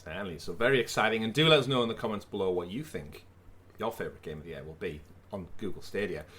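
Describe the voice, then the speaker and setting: A podcast host with a low voice talks quickly over a remote call mic. He's chatty and theatrical, animated, with dramatic build-ups.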